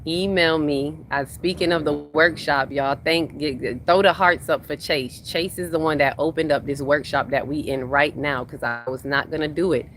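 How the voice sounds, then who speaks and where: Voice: mid-range voice, steady tone, normal speed, few pauses, a bit bright, faint music behind. A spiritual workshop host talking casually on a livestream, reading viewers' comments aloud and repeating phrases for emphasis. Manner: reads chat comments aloud and answers them.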